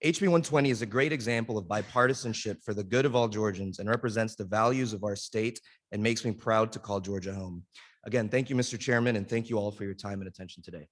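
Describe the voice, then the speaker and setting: A man's voice: fairly low pitch, fast. A man finishing formal, prepared testimony before a legislative committee. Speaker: public witness.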